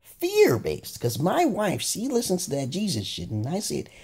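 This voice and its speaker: A man delivers a rambling, profanity-heavy monologue with a husky, mellow voice. His pitch leaps wildly from low grumbles to high exclamations. He keeps slipping in laughing asides as he talks. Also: huge pitch swings, moderate pace. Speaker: vlogger.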